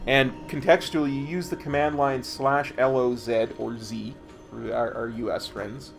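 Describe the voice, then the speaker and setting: A man's voice: medium pitch, fairly even intonation, moderate pace, vocal fry, soft background music. A man streaming a game, chatting casually with his viewers in a laid-back, rambling way. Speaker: gaming streamer. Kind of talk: casual gameplay chat.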